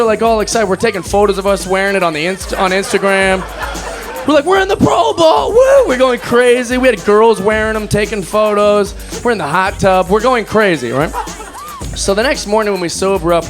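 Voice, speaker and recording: Comedian, male, high voice, rambling self-mocking storyteller, music behind. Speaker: stand-up comedian. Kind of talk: stand-up storytelling.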